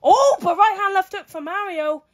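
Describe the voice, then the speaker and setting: High-voiced, excitable woman commentator. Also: moderate pace. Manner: excitable, repeated exclamations and counts. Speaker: fight commentator.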